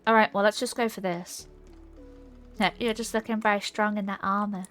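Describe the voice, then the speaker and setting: A woman's voice: medium pitch, fairly even intonation, moderate pace, a bit bright, soft background music. A woman streamer chatting casually and rambling while playing a game, reading her chat aloud.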